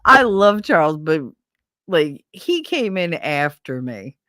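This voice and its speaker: A woman with a deep voice tells stories on her podcast, animated and swearing freely. She sounds close and dry, with no room echo. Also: slow pace. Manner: profane, animated storyteller. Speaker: podcast host. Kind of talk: casual storytelling chat.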